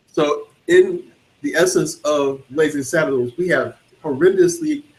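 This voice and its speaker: A man's voice: a little high, takes it slowly, rough recording. Man retelling film scenes with gusto. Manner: animated storytelling, acting out film scenes in voices. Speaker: film show co-host. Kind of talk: casual film chat.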